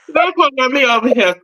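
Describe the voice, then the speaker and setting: A woman's voice: high voice, a bit bright, a little hiss or hum. A woman hosting a casual livestream, laughing, cussing and repeating herself. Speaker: livestream host. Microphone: streaming call.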